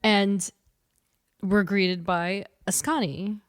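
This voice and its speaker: Woman podcast co-host, casual and excitable, breaks into loud quoted bits; medium pitch. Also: extremely slow, no room sound, clean studio sound. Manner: animated, laughs often, acts out quotes with loud outbursts. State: short on sleep. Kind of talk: casual chat.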